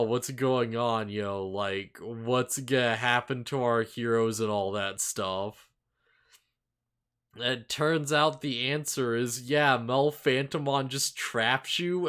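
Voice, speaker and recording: A man's voice: mid-range voice, fairly bright tone. A man chatting casually as a co-host of an anime review show, rambling with lots of fillers and upbeat asides. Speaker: podcast co-host. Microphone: face cam with desk mic.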